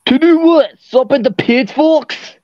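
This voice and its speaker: A man voicing a grumpy, sarcastic male ogre husband in a fan dub, gruff and attempting a Scottish accent. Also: very high voice, measured pace, darkish tone, no room sound, dull audio. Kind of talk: fan dub of an animated film.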